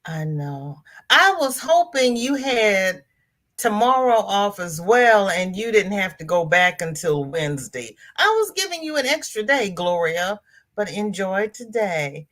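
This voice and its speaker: A woman's voice: mid-range voice, very animated, a little slow, a bit bright. A woman hosting a casual crochet livestream from her laptop. She greets viewers by name, reads their comments aloud and calls them girl, honey and darling.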